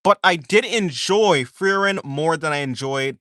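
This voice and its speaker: A man's voice: a little high, unhurried, sharp tone, no room sound, studio quality. A man chatting casually on a livestream, reading viewer questions aloud and answering them in a rambling way, full of fillers and self-corrections. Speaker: art streamer chatting with viewers.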